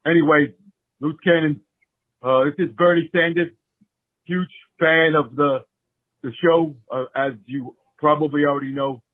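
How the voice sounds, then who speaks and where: A man doing a prank voicemail impression of a rambling older male politician, halting and full of "uh" fillers. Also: fairly high pitch, steady tone, dry recording. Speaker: caller. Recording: tinny phone voicemail.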